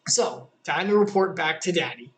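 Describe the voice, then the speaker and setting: A Bible study leader with a mid-pitched voice. The leader reads a passage of scripture aloud, then retells it in relaxed, conversational language with fillers and asides. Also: moderate pace, low-quality recording.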